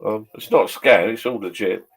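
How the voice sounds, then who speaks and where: A man's voice: lowish voice, normal speed, husky. A man in his fifties chatting casually in his home pub shed, rambling, swearing and chuckling a few beers in. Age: 50s. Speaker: vlogger.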